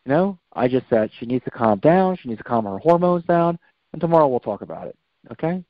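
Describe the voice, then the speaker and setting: Lively middle-aged man giving preachy talk. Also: fairly high pitch, a little fast, no room sound. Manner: animated, preachy, repeats "okay?" and "you know". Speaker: guest speaker. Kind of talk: casual faith-based life talk. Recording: dull lo-fi dry recording.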